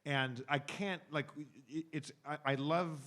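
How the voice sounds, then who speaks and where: A man, a touring comedian, chatting on a podcast with many halting restarts and emphatic bursts. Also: fairly high pitch, fairly even intonation, a bit bright. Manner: halting, repetitive starts, emphatic. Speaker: comedian guest. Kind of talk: casual podcast chat.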